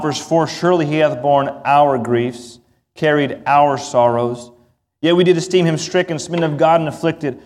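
A man preaching a sermon in an earnest, emphatic way, with asides to his congregation. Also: a little high. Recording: long hall reverb.

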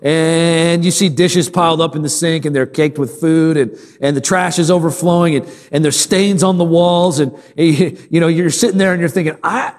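Pastor, male, high voice, emphatic call-and-response sermon, reverberant sanctuary. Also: steady tone, normal speed, hardly any pauses, darkish tone. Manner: repetitive, emphatic preaching. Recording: long hall reverb.

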